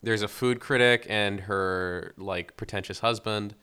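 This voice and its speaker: Young guy cohost, bright crisp voice, laid back plot recap w lots of ums. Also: fairly low pitch, unhurried. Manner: relaxed storytelling, many fillers. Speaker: podcast co-host. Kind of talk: casual film review chat.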